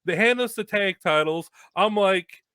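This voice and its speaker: Young guy host spinning a story, kinda high pitched, swears a lot, acts out the yelling, dry room. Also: unhurried, smooth, no echo. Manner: animated, swearing, acts out quotes loudly. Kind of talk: casual storytelling chat.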